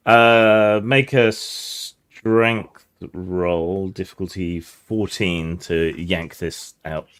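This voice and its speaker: Deep-voiced man running a tabletop game. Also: extremely slow, clean tone. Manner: relaxed, descriptive, many fillers. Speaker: game master.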